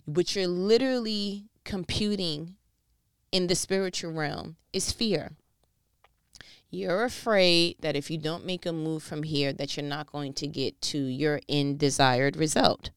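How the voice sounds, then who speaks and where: Woman preaching, smooth low voice. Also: dry recording, studio quality. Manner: earnest, building to fervent rhetorical questions. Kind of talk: sermon.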